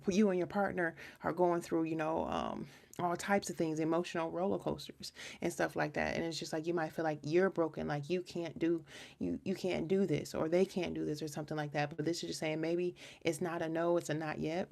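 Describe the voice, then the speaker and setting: A woman's voice: low voice, vocal fry, darkish tone. A woman hosting a live tarot reading, talking in a chatty, earnest, rambling way with lots of restarts. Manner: earnest and emotional. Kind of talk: casual live-stream reading.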